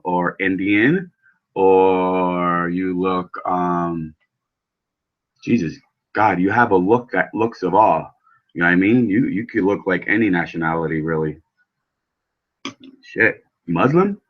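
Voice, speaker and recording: A man with a fairly low voice hosts his own vaping channel, chatting loosely with viewers. He rambles from one thought to the next and swears freely. The sound is muffled and lo-fi. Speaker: vape channel host. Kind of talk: casual live chat while building coils.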